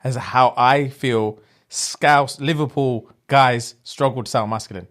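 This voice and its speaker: A young man, co-hosting a podcast in casual, slangy banter. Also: a little slow. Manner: animated, slangy, jumps into high mock voices. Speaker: podcast co-host.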